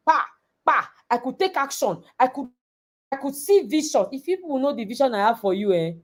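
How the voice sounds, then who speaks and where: A coach and summit speaker with a medium-pitched, slightly mellow voice gives an emphatic motivational talk to an online audience of girls. She repeats her key phrases for emphasis.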